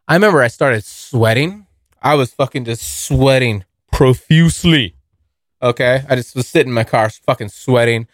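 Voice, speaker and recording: Rambling, cursing young man, lively pitch. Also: no echo, clean studio sound. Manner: profane, rambling, addresses listeners as bros. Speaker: podcast host. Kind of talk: casual storytelling monologue. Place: basement near a furnace.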